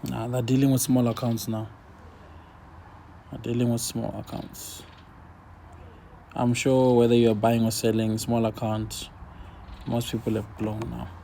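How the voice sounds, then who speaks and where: Casual trader, male, young adult, gravelly and dark-toned, thinking aloud on screen. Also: medium pitch, monotone, unhurried, pauses often, a little hiss or hum. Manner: laid-back, talks to himself while watching charts. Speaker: forex trader. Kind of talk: casual screen-share trading commentary.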